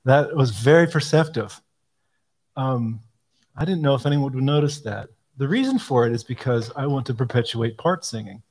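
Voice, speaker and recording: A man answering questions about a hymnal, explaining thoughtfully with frequent pauses and ums. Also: medium pitch, animated, darkish tone. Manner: thoughtful, explanatory, frequent ums, quotes hymn lines aloud. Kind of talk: live Q&A talk.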